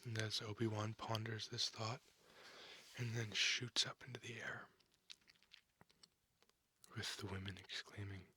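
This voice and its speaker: A man reading a comic aloud in a slow, hushed ASMR style on a binaural microphone, with many fillers. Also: lowish voice, steady tone, breathy edge. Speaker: comic reader.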